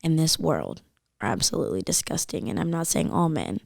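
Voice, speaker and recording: Podcast guest, woman in her 20s, animated storyteller, slightly low voice, dry booth sound. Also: fairly quick, creaky, dry recording. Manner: animated, says "like" a lot. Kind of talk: casual storytelling chat.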